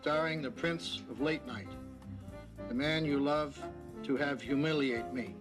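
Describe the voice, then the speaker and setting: A man's voice: mid-range voice, unhurried, over music, a crowd in the background, close to an everyday voice. An actor playing a mild-mannered male sidekick and announcer who stammers when flustered, in a sitcom. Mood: announcing. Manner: stammering, hesitant. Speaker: talk show sidekick and announcer. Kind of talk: sitcom acting.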